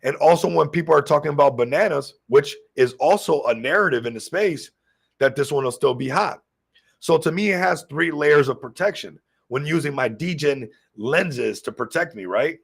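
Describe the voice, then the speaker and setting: A man hosting a casual crypto livestream, excitable and hyped, constantly talking to his viewers while a little sick. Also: on the high side, normal speed, gravelly, breathy edge.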